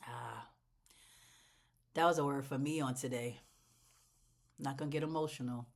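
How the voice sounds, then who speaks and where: A woman hosting a casual plant vlog, talking straight to her viewers in a chatty, heartfelt way, swinging between loud exclamations and soft near-whispers. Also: a bass voice, steady tone, fairly quick. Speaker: plant channel host.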